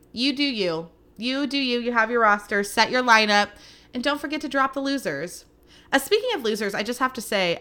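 She is a woman around thirty who hosts her own podcast and talks in a relaxed, casual way. Her voice is bright and sits slightly high. She tells animated stories, full of quick asides. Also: smooth. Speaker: podcast host. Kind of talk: casual solo podcast chat.

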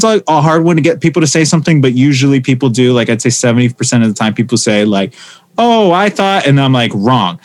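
A man, a stand-up comedian, talking casually and telling animated stories, acting out the voices of the people he quotes. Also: mid-range voice. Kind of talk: casual conversation.

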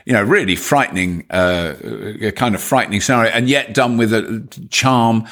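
Chatty man telling stories. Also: moderate pace. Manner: animated storyteller, stammering restarts, jumps high in pitch for quoted voices. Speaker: podcast guest. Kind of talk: casual chat, telling an anecdote.

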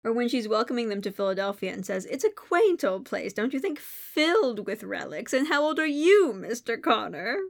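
A woman's voice: on the high side, big pitch swings, normal speed, vocal fry, hardly any pauses. A woman voicing a poised young society woman, reading her lines in a mock-polite, arch way. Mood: arch teasing.

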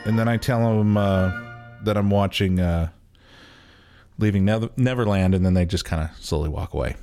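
A man's voice: on the low side, moderate pace, dark tone, faint music behind. A man hosting a podcast in casual chat, rambling and poking fun at himself as he talks. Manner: rambling, self-mocking, trails off and restarts. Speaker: podcast host.

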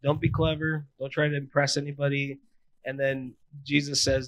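A man in his thirties preaching a sermon in a casual, animated way, with playful asides. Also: medium pitch, moderate pace, low-quality recording. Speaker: pastor.

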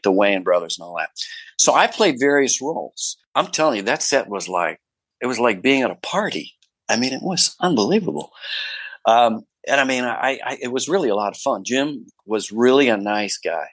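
A man being interviewed as an actor guest, telling anecdotes in an animated way. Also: mid-range voice, dry recording, rough recording. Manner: animated storyteller with many fillers and restarts.

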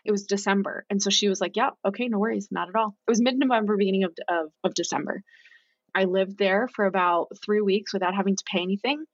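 A young adult woman, a podcast guest, telling her story in a casual, animated way and acting out what she and others said. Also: medium pitch, fast talker, no room sound, highs cut off. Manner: animated, quotes herself and others in lively voices.

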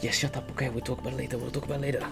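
A man voicing a forgetful, jittery tiefling trickster who stammers and swings between loud and hushed. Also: mid-range voice, big pitch swings, measured pace, music in the background. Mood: scatterbrained.

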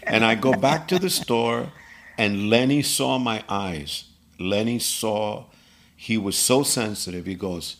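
A man being interviewed as a guest musician, telling a story with lively quoted voices. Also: lowish voice, slow.

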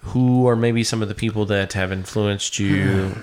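Joking male podcast host, low voice. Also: normal speed. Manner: relaxed, joking, asks long open questions. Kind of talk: casual interview chat.

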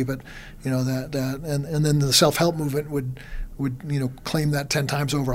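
A man's voice: a little high, brisk, slight background noise. A man in casual conversation, explaining ideas with many restarts and by quoting imagined voices. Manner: animated, quotes and acts out others' thoughts, many restarts.

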